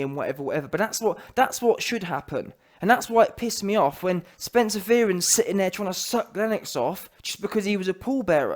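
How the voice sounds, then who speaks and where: A man ranting in a heated, slangy, mocking way as a boxing commentary vlogger. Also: high voice.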